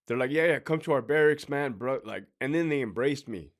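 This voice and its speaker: A man recounts a painful personal story in casual speech. His delivery is halting and emotional, with repeated phrases and sighs. His pitch sits in a mid range for a man. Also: expressive. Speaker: podcast host telling a personal story.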